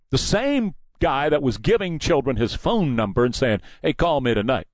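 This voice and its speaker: A combative man hosts a political commentary monologue, preachy and mocking in tone. His pitch swings widely as he pushes his points, and the recording is close and dry. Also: dry recording. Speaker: talk show host.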